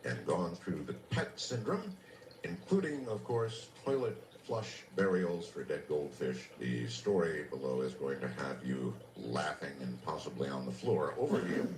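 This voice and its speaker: A man hosting a late-night radio show, reading news items and a humorous story with dry delivery. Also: a little slow. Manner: dry storytelling with lively pitch swings. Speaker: radio host. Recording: roomy distant radio recording with faint hiss.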